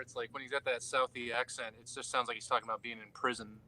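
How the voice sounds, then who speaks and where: A man banters as co-host on a video call, joking and animated as he tells stories. His voice is bright and clear at a middle pitch. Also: fast, hardly any pauses, a little hiss or hum, poor audio. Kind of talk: casual banter.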